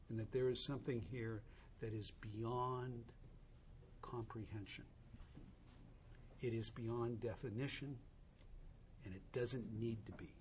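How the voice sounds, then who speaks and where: A man's voice: medium pitch, fairly even intonation, a little slow, pauses often, slight background noise. A man in his sixties tells a humorous, rambling story to an audience at a recovery meeting, with many restarts.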